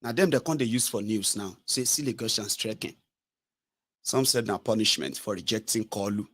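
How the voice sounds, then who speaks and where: A man's voice: brisk, a bit bright, slightly rough. A Nigerian man hosting a political talk show, speaking in English and Pidgin and mimicking other people's voices as he talks. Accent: Nigerian English with Pidgin and Yoruba. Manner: mimics callers in high voices, switches between English, Pidgin and Yoruba. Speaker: political commentator, channel host. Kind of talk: animated political monologue.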